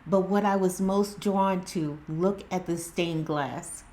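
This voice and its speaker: Speaking slowly with fairly even intonation, this woman has a lowish, slightly mellow voice. She runs a spiritual tarot channel and talks in a casual, earnest vlog manner full of fillers and restarts, filmed at home indoors in natural light.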